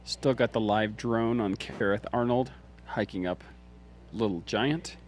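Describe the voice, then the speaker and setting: A man's voice: lowish voice, a little slow. A man commentating live on a mountain ultramarathon livestream, easygoing with a dry sense of humor.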